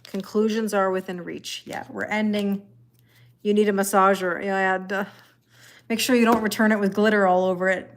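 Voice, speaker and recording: A woman's voice: medium pitch, fairly even intonation, normal speed, a little hiss or hum. A woman reading tarot live and chatting with viewers in a rambling way, laughing often. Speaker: tarot reader. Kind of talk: live-stream chat reading viewer comments.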